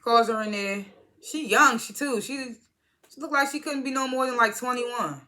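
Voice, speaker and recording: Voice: mid-range voice, normal speed, pushed and bright. A speaker casually recapping a TV episode, retelling scenes as quoted dialogue, swearing freely and chuckling along. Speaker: TV episode reviewer.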